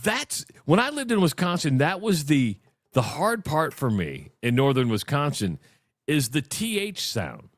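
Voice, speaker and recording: A man's voice: on the high side, wildly swooping pitch, unhurried, dry recording. A chatty man co-hosting a radio show who reads ads and talks casually with many restarts. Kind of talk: casual radio chat and ad read.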